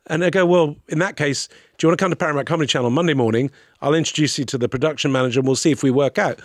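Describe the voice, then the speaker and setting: A brisk man, a podcast guest, spins animated, sweary stories in a raised, fairly high voice. The sound is dry and close, with no room echo, and he keeps piling on asides and quoted exchanges. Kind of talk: casual storytelling chat.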